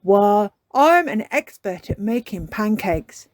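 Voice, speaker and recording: A woman's voice: mid-range voice, animated, takes it slowly, dry recording, studio quality. A woman voicing a sleepy, jolly father pig in a storybook reading, mumbling and hearty.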